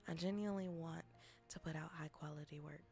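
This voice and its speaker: A young woman streaming a casual chat as a VTuber and ASMR creator, rambling with restarts and often dropping into soft whispers. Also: low-pitched, fairly even intonation, a little fast, creaky, soft background music.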